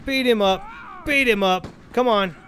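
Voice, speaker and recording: A man giving casual let's-play commentary over a game, rambling, joking and getting excited as he plays. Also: very high voice, measured pace, faint music behind. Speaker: gameplay commentator.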